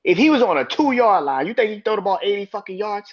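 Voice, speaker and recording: A man's voice: high voice, very animated, fast talker, dull audio. A man hosting a solo sports podcast, ranting with heated profanity and arguing back at imagined critics. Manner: emphatic, argues with imagined critics.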